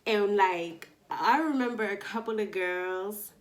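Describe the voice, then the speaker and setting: A woman tells a casual storytime to her camera, her delivery slangy and animated. She slips into the voices of the people she's quoting as she goes, in a plain middle register. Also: medium pitch, unhurried. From Long Island, New York. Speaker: vlogger. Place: indoors at home, daytime.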